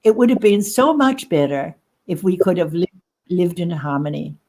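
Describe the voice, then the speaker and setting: A woman recounting personal experience as an interview guest, halting and emotional, often repeating her phrases. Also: fairly low pitch, expressive, mellow. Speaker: guest sharing lived experience. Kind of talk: personal testimony in conversation.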